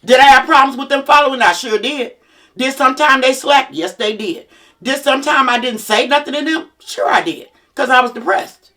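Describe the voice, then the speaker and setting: A woman's voice: sits high, moderate pace, sharp tone. A woman, a mother of grown children, giving a blunt, plain-spoken motivational talk to single parents.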